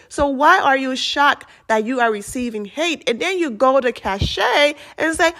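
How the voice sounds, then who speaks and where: Woman doing commentary, sassy and preachy, bit high voice. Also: expressive, moderate pace, few pauses, a bit bright. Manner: sassy, rhetorical, lecturing. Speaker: commentary host. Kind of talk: commentary on a clip.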